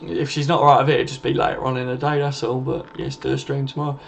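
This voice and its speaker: A man's voice: medium pitch, flat delivery, quick pace, creaky. A young man hosting a late-night live stream from home, casually reading out and answering viewer comments and swearing freely. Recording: dull lo-fi stream audio with faint noise.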